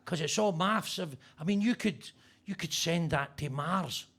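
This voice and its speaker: A man doing stand-up crowd work in a basement club, brash and foul-mouthed as he teases the people in front of him. His voice sits high for a man. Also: measured pace, fairly bright tone. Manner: brash, swearing, teasing the audience. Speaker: stand-up comedian.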